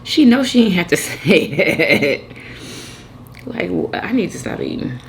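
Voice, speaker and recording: A woman's voice: lowish voice, big pitch swings, slow pace, gravelly, slight background noise. A woman hosting a mukbang, chatting and commenting while eating, talking straight to her viewers with lots of "y'all". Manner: talks straight to viewers, says "y'all" a lot, laughs. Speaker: mukbang host.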